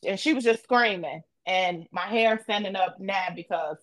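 A woman tells a tense personal story at a middle pitch. She talks in a vivid, emotional, casual way and swears now and then. The sound is dry and close. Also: moderate pace, no echo. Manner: emotional, vivid retelling with profanity. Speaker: podcast co-host.

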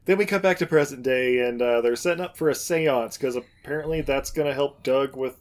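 A man's voice: mid-range voice, brisk. A man co-hosting a podcast, recapping a film in casual chat, rambling and laughing as he goes. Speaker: podcast co-host.

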